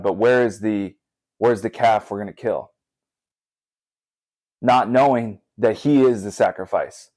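A man's voice: medium pitch, a little mellow, no echo, poor audio. A man, a father, preaching earnestly on a podcast, speaking directly to listeners and often repeating his points. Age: young adult or middle-aged father. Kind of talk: podcast sermon.

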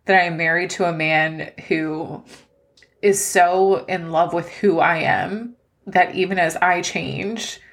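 Slow and steady, with a fairly low pitch, a podcast host in her thirties shares personal life news. She comes across as earnest and emotional, tearful in places.

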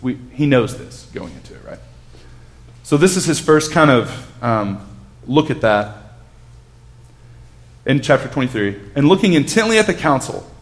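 A man with a mid-range voice leads a casual bible study. He asks the group questions and reads scripture aloud with rising emphasis.

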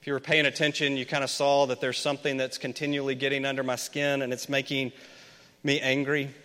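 A man's voice: medium pitch, little pitch movement, fairly quick, a bit bright. A man from Memphis preaching a conversational sermon as a pastor, chatting with the congregation and putting questions to them. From Memphis, USA. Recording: long reverb of a large hall.

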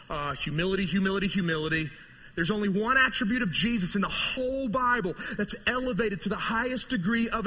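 A male pastor preaching a sermon, telling the story vividly and swinging between soaring lines and hushed ones. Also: sits high. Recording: long hall reverb.

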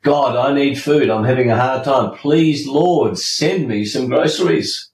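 A man's voice: mid-range voice, a little slow, a little mellow, pitched above the performer's own voice, natural voice. A man voicing a bold, devout elderly woman in a told joke. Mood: fervent. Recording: roomy, distant from mic, faint ambience.

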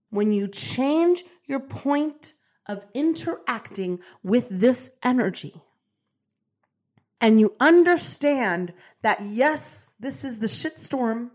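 Woman host, upbeat pep-talk monologue, repeats herself, swears freely, slightly high voice. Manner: preachy, repetitive, swears casually. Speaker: podcast host and manifestation coach. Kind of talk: energetic motivational monologue.

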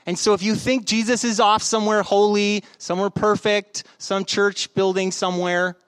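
High-voiced storytelling male preacher. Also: flat delivery, moderate pace, a bit bright, clear, resonant tone, no room sound. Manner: conversational, joking storyteller. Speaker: pastor. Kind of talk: sermon.

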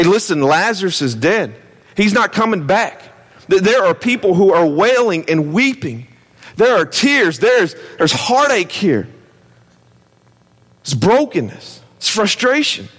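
Male pastor, conversational sermon delivery, dramatic loud-to-hushed swings, reverberant hall. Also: fairly high pitch. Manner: conversational preaching with repeated calls to listen.

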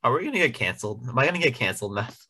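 A man's voice: medium pitch, big pitch swings, bright, forceful tone, breathy edge. A young man co-hosting a casual podcast, teasing his co-host and laughing easily. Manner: teasing, quick to laugh, explains things. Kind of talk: casual chat.

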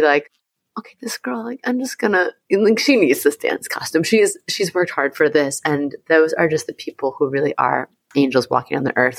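Woman host, deep voice, effusive, rambling, many fillers. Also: no room sound. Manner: warmly effusive, gushing praise, rambling with fillers. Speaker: podcast host. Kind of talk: casual interview chat.

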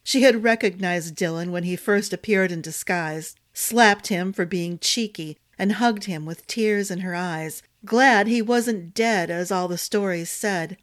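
A woman storyteller reading a fantasy novel aloud in a steady, expressive narration. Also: medium pitch, measured pace, hardly any pauses.

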